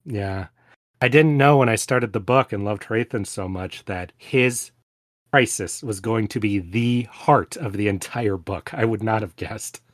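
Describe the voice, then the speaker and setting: A man co-hosting a casual book discussion podcast, relaxed, with frequent "you know" fillers. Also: lowish voice, measured pace, no room sound, clean studio sound. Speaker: podcast co-host.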